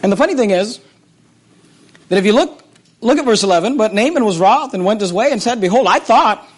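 A man preaching a sermon, reading scripture aloud and retelling it with animated, repeated phrases that swing between loud and hushed. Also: high-pitched, a little fast.

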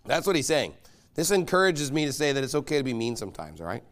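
A man preaching a sermon as pastor, emphatic and mocking, pressing his points with loud insistence. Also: mid-range voice, very animated, fast. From United States.

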